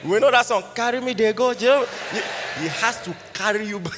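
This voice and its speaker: A man's voice: high voice, fairly quick. A man with a Nigerian accent preaching, telling a personal story with many rhetorical questions to the congregation. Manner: lively anecdotal preaching, frequent rhetorical questions. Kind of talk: storytelling sermon. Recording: reverberant hall with faint music.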